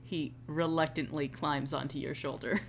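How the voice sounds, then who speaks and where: A woman's voice: sits low, fairly even intonation, moderate pace, creaky, slight background noise. A woman narrating as game master of a tabletop game, laughing often as she talks.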